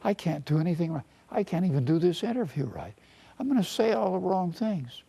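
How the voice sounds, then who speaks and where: A therapist speaking as a nervous, self-doubting inner critic voice in slow, hushed, half-whispered self-talk. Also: male voice, high voice, big pitch swings, vocal fry, husky, no echo, full character voice. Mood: anxious.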